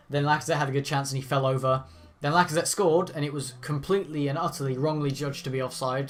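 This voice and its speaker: Man, football fan reaction, excitable play-by-play, yelling at players, faint music behind. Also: mid-range voice. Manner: excitable, bursts into shouting at players; play-by-play narration mixed with rants. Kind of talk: live match reaction commentary.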